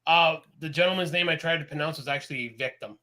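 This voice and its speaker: A Canadian man co-hosting a podcast in casual chat, rambling and animated, laughing often. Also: a little high, fast, slight background noise. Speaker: podcast co-host.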